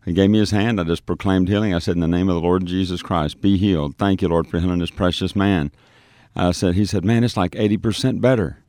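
This low-voiced man talks fast with fairly even intonation and a slightly mellow quality. He's a street minister recounting a testimony on the radio, storytelling with acted-out voices and many restarts.

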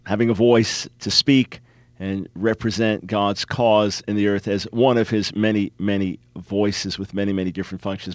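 A man's voice: mid-range voice, dry recording. Upbeat male radio call-in host. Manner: upbeat, conversational, explanatory. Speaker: radio talk show host. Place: radio studio.

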